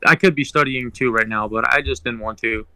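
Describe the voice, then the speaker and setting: Bright-voiced young man telling a story. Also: medium pitch, a little fast, no room sound, poor audio. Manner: rambling, with many ums and restarts. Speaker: podcast co-host. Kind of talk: casual storytelling.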